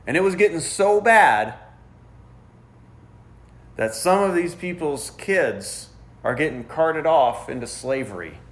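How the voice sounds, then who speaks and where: A man's voice: a little high, slow pace, pauses often. A man preaching a sermon in a casual, conversational way, acting out the complaining voices of the people he describes. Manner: animated, acts out complaining voices. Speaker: pastor.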